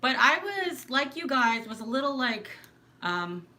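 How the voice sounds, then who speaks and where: Woman with a New York accent, bright voice, chatty and scattered, live stream host. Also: a little high, lively intonation, measured pace. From New York, Long Island. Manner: rambling, self-interrupting, laughs often. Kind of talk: casual live stream chat.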